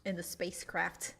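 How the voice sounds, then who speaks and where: A chatty young woman streaming from her desk. Her lowish voice has a gravelly, creaky edge, and she laughs often and gets emotional. Faint music plays quietly behind her. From Latin America. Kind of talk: casual stream chat.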